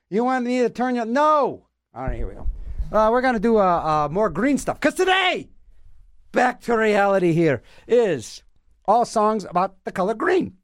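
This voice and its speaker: A radio host with a high, lively voice that jumps all over its range rambles through a goofy comic monologue on his own show at normal speed. Playful and self-mocking, he trips over words, repeats them, and argues back at himself in mock back-and-forth dialogue. The sound is close and fully dry, with no room sound.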